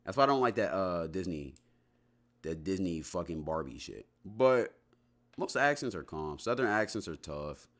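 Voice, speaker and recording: A man's voice: sits low, lively intonation, moderate pace, fairly bright tone. A young man chatting casually on a livestream, answering his chat in a loose, slangy, rambling way full of restarts.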